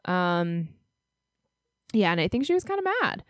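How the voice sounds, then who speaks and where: Woman, podcast co-host, chatty, self-mocking, animated pitch, dry close sound. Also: a little slow, dry recording. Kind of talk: casual chat.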